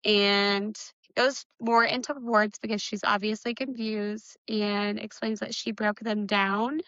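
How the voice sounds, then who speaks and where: A bright-voiced young woman chats her way through a book recap, full of "like" and "um" and quick laughs. The sound is close and dry, a little dull and lo-fi. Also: medium pitch, flat delivery, no echo. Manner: chatty recapping with giggles and filler words. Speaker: book podcast co-host. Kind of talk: casual book discussion.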